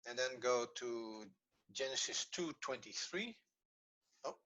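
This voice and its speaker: A man takes learners through a Hebrew grammar lesson in an online class. His voice is bright and forward, and he explains each step slowly and patiently, going back over points so they stick. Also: medium pitch, expressive, poor audio. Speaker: Hebrew teacher. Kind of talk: online lesson, screen-sharing.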